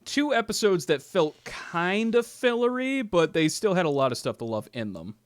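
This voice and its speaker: A man's voice: high-pitched, very animated, moderate pace, no echo. A man streaming a role-playing game, chatting casually with viewers, laughing often and reading dialogue aloud. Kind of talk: casual game commentary with chat.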